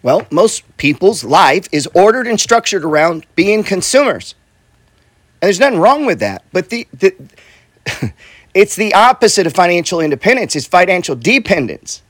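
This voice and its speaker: A man's voice: high-pitched, very animated, normal speed, no echo. A middle-aged man, an investor and coach, giving a casual motivational talk. He is blunt and profane, repeats himself, and keeps asking "right?" and saying "bro.". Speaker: real estate investor and coach.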